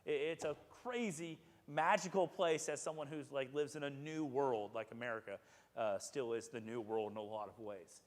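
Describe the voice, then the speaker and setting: A man's voice: medium pitch, normal speed. A man preaching a casual sermon as pastor, chatty and joking, acting out quoted voices. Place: church sanctuary. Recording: echoey church sanctuary with long reverb.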